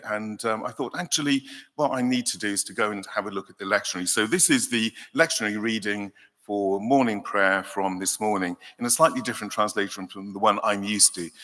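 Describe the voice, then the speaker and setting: A man's voice: on the low side, sharp tone. Welsh male dean reading in a hall. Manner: measured reading, then thoughtful talk with fillers. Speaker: cathedral dean leading Bible study. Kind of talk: Bible reading and reflective teaching. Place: large convention hall. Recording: long hall reverb.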